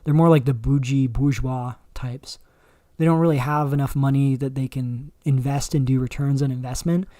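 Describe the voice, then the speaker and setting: Mellow-voiced man rambling on stream. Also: medium pitch, no room sound, clean studio sound. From Canada. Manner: rambling, halting, many fillers and restarts. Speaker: livestream host. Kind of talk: casual livestream commentary.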